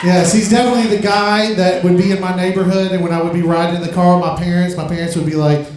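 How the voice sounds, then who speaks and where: Stand-up comic, male, from Louisiana; high-pitched, rambling delivery that builds to shouted rants, far off the mic. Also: level tone, fast talker. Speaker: stand-up comedian. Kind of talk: stand-up comedy set. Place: comedy club stage. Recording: echoey club from far off mic.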